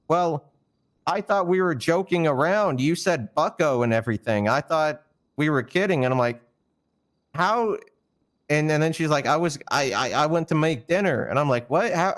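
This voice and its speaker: A man with a somewhat high-pitched voice vents during a roleplay session. His telling is rambling and full of stammered restarts and casual swearing. He sounds indignant and worked up throughout. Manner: fired-up and indignant. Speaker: roleplayer explaining a firing. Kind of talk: heated storytelling in a roleplay stream.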